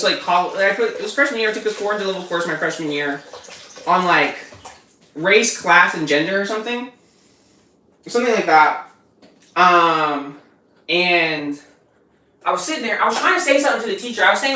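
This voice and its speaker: A woman's voice: medium pitch, sharp tone, echoey room, recorded from a distance, a little hiss or hum, rough recording. A young woman with an African American English accent, chatting casually and profanely while cooking on a stream, often laughing and talking back to her chat. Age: young adult.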